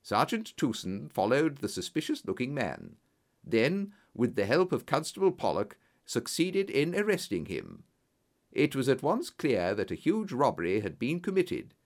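Expressive male storybook narrator. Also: mid-range voice, a little slow.

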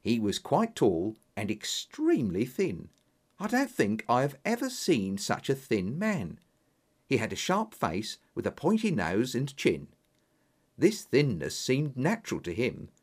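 A male narrator reading an audiobook clearly. His pitch is mid-range but extremely animated, sweeping up and down through every sentence. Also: a little slow.

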